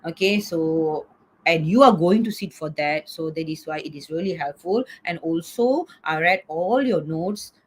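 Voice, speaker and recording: With a deep voice at normal speed, a middle-aged woman delivers an online lecture over a video call, coaxing students and asking "okay?" after nearly every point. A faint hiss or hum runs underneath.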